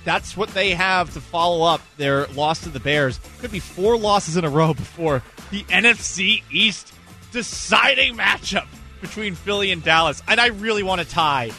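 Bright-voiced sports radio co-host man. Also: high-pitched, normal speed, soft background music. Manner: chatty, enthusiastic analysis. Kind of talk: casual sports talk.

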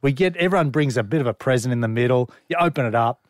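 An Australian man co-hosting a radio show, telling a lively story in casual banter and laughing often. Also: medium pitch, fast talker, no echo, studio quality. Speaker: radio co-host.

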